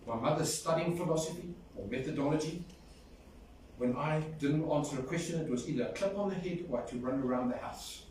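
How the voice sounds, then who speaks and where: Man, eulogy, warm storytelling, distant mic, heavy hall echo. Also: on the high side, fairly quick. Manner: fond storytelling, sings a folk song. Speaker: son giving a eulogy. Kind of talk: funeral eulogy. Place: large echoey hall at a funeral. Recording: echoey hall from far off, faint noise.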